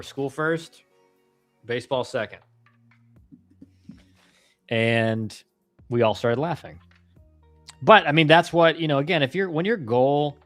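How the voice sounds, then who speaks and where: A laid-back man chatting on his live stream, with a mid-range voice that is neither high nor low. His delivery rambles with slang and restarts. The sound is dry and close, with faint music underneath. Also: no room sound. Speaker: live-stream host, former college ballplayer. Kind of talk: casual live-stream chat answering viewer questions.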